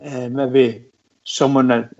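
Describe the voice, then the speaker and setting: A man's voice: mid-range voice, little pitch movement, slow, darkish tone. A man chatting on a fan radio panel with enthusiastic asides. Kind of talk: casual fan radio chat. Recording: dull lo-fi sound.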